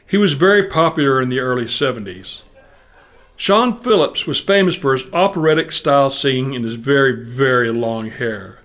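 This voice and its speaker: A man's voice: mid-range voice, animated, normal speed, a bit bright. A man in his seventies with a Texan accent, telling a wry story on stage to a live audience. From Texas. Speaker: musician and storyteller.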